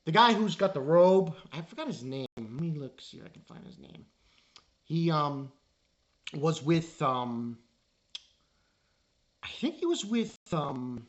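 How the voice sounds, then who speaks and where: A man reviewing an anime episode in a casual spoken style, exasperated and rambling, halting on fillers. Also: on the high side, a bit bright, muffled recording.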